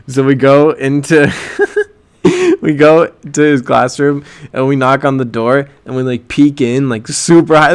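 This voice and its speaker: A young man rambles through a story for his vlog in a relaxed, slang-heavy way. He breaks into laughter now and then and keeps things casual. His voice sits at an ordinary middle pitch. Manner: loose, laid-back slang-heavy rambling with frequent laughs. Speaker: vlogger.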